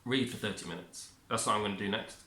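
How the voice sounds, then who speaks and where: Guy rambling on about his day plan, lowish voice but bright and tense, echoey room. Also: quick pace. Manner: rambling, self-interrupting, upbeat. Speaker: vlogger. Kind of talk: casual self-help monologue.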